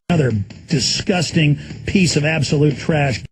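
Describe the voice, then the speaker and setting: Ranting man, lurching into shouts. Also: a little high, very animated, takes it slowly, a little hiss or hum. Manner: erratic, explosive, jumping to shouts. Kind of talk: ranting talk show monologue. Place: studio full of electronics.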